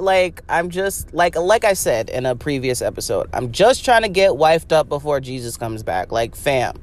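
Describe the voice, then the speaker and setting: A woman's voice: low voice, sing-song, normal speed, hardly any pauses. A young woman hosting a podcast, talking in a rambling, profane comedic monologue full of "like" and laughter. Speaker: podcast host.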